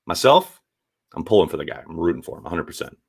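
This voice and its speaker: A lowish-voiced man hosts a casual live stream, reacting to viewer comments. He talks bluntly and swears freely, and his pitch jumps around a lot as he gets going. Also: very animated, fast, vocal fry, husky. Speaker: sports show host reading viewer chat.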